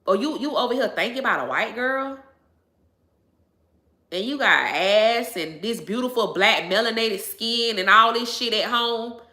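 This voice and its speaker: A woman, chatting on a livestream with a bright, forceful voice that sits a little high. She talks emphatically, circling back over the same phrases. The sound comes from an echoey room. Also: animated, normal speed. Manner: emphatic, repeats phrases, laughs often. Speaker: livestream host answering viewers. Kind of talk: casual livestream chat.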